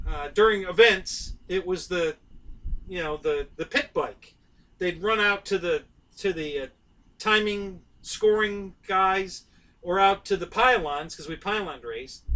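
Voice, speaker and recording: High, bright-voiced man rambling a story. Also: recorded from a distance, poor audio. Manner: rambling, chatty, with lots of fillers and restarts. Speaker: host of a live stream about model aircraft. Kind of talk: casual storytelling on a live stream.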